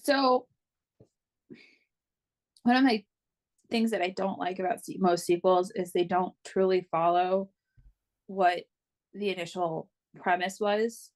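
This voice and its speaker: A woman co-hosting a casual podcast over a video call, quick and amused. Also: fairly low pitch, darkish tone. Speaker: podcast co-host.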